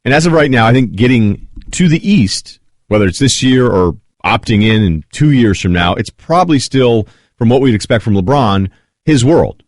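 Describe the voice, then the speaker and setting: A man's voice: mid-range voice, normal speed, dry recording. A man hosting a sports talk radio show in a studio, talking in a joking, casual way. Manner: lively, joking, animated. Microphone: studio microphone.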